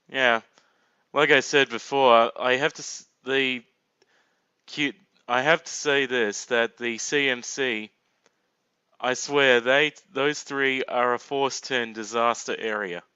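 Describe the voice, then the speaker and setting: A man's voice: mid-range voice, sharp tone, clear, resonant tone, dry recording, lo-fi sound. A man giving casual blind reaction commentary, chatting and laughing aloud as he watches. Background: cartoon audio playing faintly.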